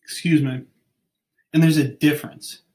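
A man's voice: on the high side, fairly even intonation, moderate pace, darkish tone. A young man hosting a podcast, chatting casually, rambling and ranting, often stumbling over names. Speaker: podcast host. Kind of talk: casual chat.

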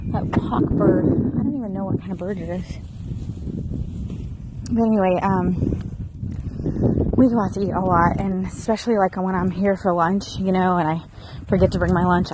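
A woman in her thirties from Florida, chatting casually to her viewers in an expressive vlog, recorded outdoors. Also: mid-range voice, heavy background noise. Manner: chatty and expressive, rising into excited bursts. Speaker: vlogger.

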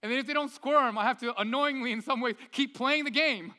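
A male pastor, around his thirties, preaching in a lively, conversational way with many rhetorical questions. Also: very high-pitched, a little fast. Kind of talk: sermon. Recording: long reverb of a large hall.

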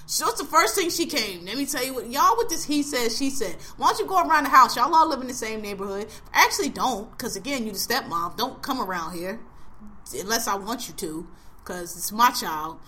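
A woman's voice: fairly high pitch, expressive, fairly quick, bright, forceful tone. A woman hosting a podcast, chatting casually about a TV show in blunt, profane slang and laughing often. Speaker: podcast host. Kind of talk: casual chat reviewing a TV show.

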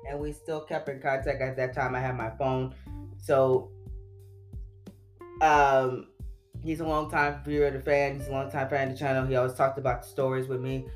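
A man's voice: medium pitch, flat delivery, moderate pace, faint music behind. A man hosting his own channel, talking casually with slang and loose phrasing. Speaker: channel host. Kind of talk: casual commentary.

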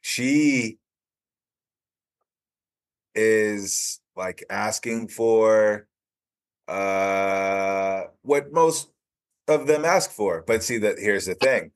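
Man, low voice, slow measured podcast talk, lots of uhs. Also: clear, resonant tone. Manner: measured, hesitant, many "uh"s. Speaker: podcast co-host. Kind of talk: casual chat.

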